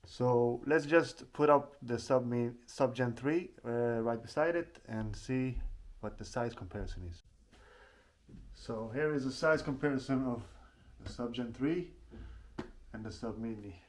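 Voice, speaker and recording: A man's voice: mid-range voice, unhurried. A man doing a casual product unboxing at home in his apartment, speaking plainly and often restarting his phrases. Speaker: tech reviewer.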